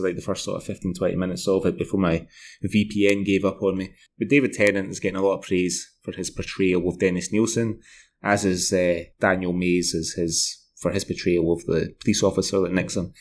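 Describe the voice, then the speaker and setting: A Scottish man co-hosting a podcast, chatting casually and rambling through news stories with restarts. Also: low-pitched. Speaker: podcast co-host. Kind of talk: casual chat.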